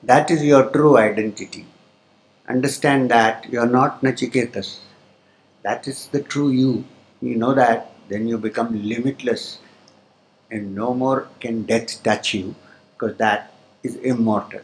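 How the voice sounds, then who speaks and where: Man, spiritual teacher, discourse in a hall, slow explaining with pauses, chants Sanskrit words, mid-pitched voice. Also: fairly even intonation. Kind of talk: spiritual discourse to a live audience. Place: lecture hall with audience.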